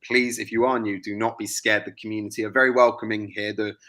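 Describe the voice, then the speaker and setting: A man's voice: lowish voice, flat delivery, quick pace, bright, forceful tone. A man co-hosting a live whiskey tasting, upbeat as he reads out viewers' names and messages in casual chat. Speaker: co-host reading out viewer comments.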